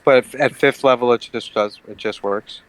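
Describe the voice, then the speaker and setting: A man playing in a tabletop game. He is methodical and steady as he works through his character's spells. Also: medium pitch, moderate pace, dry recording, low-quality recording. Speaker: player.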